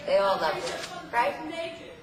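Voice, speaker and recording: A woman spinning playful, theatrical stories from a convention stage, her voice rising and falling with lively swings. She sounds far from the mic in an echoey hall, with loud ambience behind. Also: medium pitch, a little slow, crowd noise, background noise. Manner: theatrical, playful, laughing often. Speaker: convention guest speaker. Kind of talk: on-stage anecdote telling.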